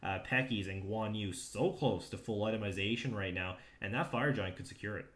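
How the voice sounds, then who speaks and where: A man giving steady play-by-play commentary on an esports match. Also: lowish voice, brisk. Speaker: esports caster.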